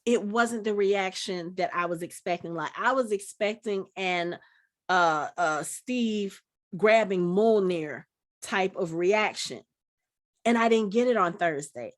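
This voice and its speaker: A woman's voice: medium pitch, slow pace. A woman in her forties, a podcast co-host, chatting casually and acting out movie scenes as she retells them. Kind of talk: casual chat.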